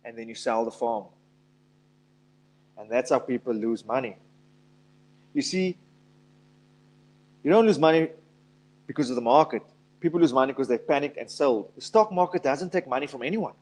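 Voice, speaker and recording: A man's voice: mid-range voice, expressive, normal speed, long pauses, darkish tone. A man giving a motivational talk on investing, emphatic and telling stories. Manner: emphatic, storytelling with acted quotes. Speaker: investment speaker.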